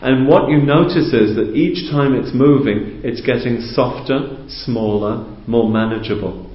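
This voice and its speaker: Calm man teaching in a roomy hall. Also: medium pitch, measured pace. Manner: calm, conversational, explanatory, with rhetorical questions. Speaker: spiritual teacher. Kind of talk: teaching talk to a group. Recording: roomy, dull lo-fi recording.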